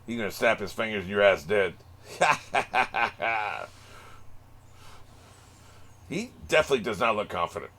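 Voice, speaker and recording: A man's voice: fairly low pitch, animated, measured pace, pauses often, bright, forceful tone. A man hosting an anime reaction video, cracking profane jokes and laughing often in casual commentary. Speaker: anime reaction channel host.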